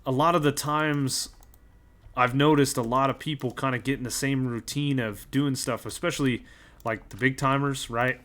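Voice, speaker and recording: A man's voice: mid-range voice, fairly even intonation, moderate pace, a bit bright. Rambling, joking man streamer. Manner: rambling, joking, chuckles often; greets chat viewers by name. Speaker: live streamer. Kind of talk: casual live-stream chat.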